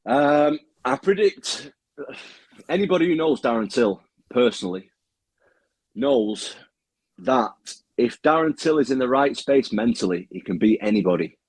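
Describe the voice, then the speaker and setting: A man's voice: medium pitch, animated, unhurried, no room sound. A young man with a Manchester accent, a guest fighter chatting candidly in an interview, swearing freely and restarting his sentences. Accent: Manchester English. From Manchester, England. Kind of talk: casual interview chat.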